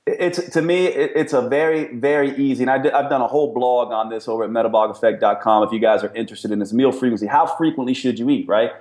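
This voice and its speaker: A man's voice: medium pitch, fast, hardly any pauses, a little mellow, reverberant. A middle-aged man, a nutrition expert and podcast guest, explaining his views in an emphatic, explanatory way. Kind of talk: podcast interview.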